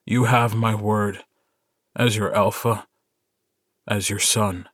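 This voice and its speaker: A calm, earnest young werewolf alpha, voiced by a man reading an audiobook. He speaks low and unhurried, quietly firm and steady. The sound is dry and close to the mic. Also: no echo.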